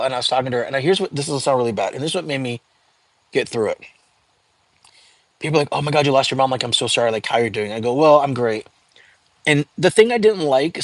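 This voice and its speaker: A man hosting a casual livestream from home, chatting loosely with viewers, greeting them by name and filling pauses with "um" and "like". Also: medium pitch, no echo. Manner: chatty, frequent fillers, reads out viewer comments. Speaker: livestream host.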